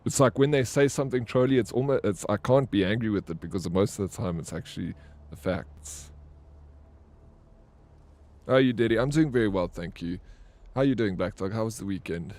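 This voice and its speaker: Speaking fairly quickly in a darkish, lowish voice, a man streams a game live and talks casually with his viewers. He reads chat messages aloud and replies, telling meandering stories that keep restarting and are stuffed with fillers.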